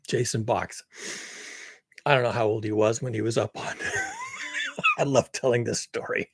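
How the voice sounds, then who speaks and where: A sardonic man rants to camera in a husky, slightly breathy voice. He is blunt and swears freely, and the dry sound has no room echo. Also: medium pitch, wildly swooping pitch, unhurried. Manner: sardonic, blunt and profane, laughs often. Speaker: climate commentary vlogger. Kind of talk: casual monologue to camera.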